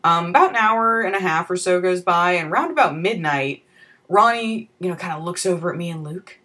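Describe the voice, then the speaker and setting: Wry low-voiced woman telling a story. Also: a little fast. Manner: wry, profane, deadpan asides. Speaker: vlogger. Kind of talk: comic personal storytelling.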